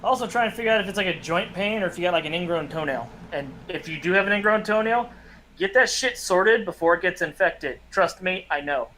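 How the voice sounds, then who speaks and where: A man's voice: high-pitched, brisk, sharp tone, slight background noise, poor audio. A man chatting casually on a live show, blunt and joking in his advice. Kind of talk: casual chat.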